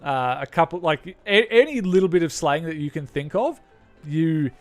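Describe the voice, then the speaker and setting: A man's voice: on the high side, expressive, normal speed, soft background music. A young Australian man chatting casually with viewers while streaming a game, rambling and correcting himself as he goes. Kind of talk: casual gaming chat.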